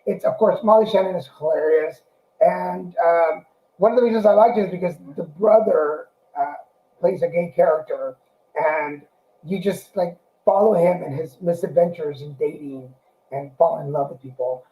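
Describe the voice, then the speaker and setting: A man with a high-pitched but mellow voice speaks in a relaxed, slightly hesitant way as a co-host. The recording sounds roomy and echoey. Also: normal speed. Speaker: podcast co-host. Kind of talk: casual chat, show recommendation.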